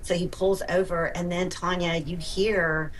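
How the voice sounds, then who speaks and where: A woman's voice: fairly low pitch, flat delivery, a little slow. A woman commentator intensely retelling courtroom details. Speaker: trial commentator. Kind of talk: recounting courtroom audio. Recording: distant broadcast audio with faint background noise.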